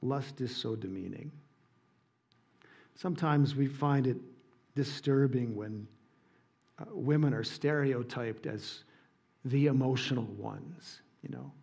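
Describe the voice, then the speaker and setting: A man preaching a sermon in church, earnest and emphatic, dropping soft on key points. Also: medium pitch, unhurried. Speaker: pastor.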